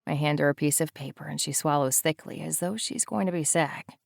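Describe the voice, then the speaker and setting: Low gravelly woman narrating. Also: brisk, few pauses, no room sound, studio quality. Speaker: audiobook narrator. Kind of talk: first-person audiobook narration.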